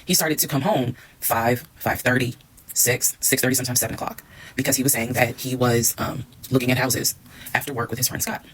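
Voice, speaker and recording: A woman's voice: a bass voice, fairly quick, husky, low-quality recording. A woman telling a personal story to her followers, candid and blunt, swearing and acting out what people said. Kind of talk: storytime monologue.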